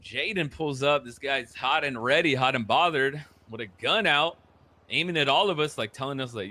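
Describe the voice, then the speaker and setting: A young man casually recounting a roleplay story, profane and animated, dropping into low mutters when quoting people. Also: brisk. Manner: profane, animated, quotes others in muttered voices.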